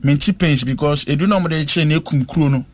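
A man recounting a personal ordeal in conversation, speaking slowly and earnestly. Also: fairly high pitch, no echo. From West Africa. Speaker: interviewee.

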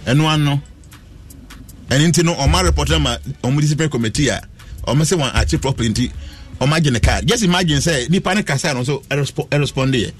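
A man's voice: a little high, fairly quick, slightly rough, faint music behind. A man with a Ghanaian accent telling stories on a radio talk show, mixing Twi and English animatedly. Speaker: astrologer guest.

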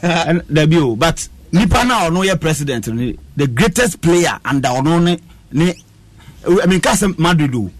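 A man with a somewhat high, husky voice talks football in a loose, halting way. He leans on fillers and switches between English and another language mid-sentence. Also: very animated, no room sound. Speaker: football pundit. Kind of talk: casual sports discussion.

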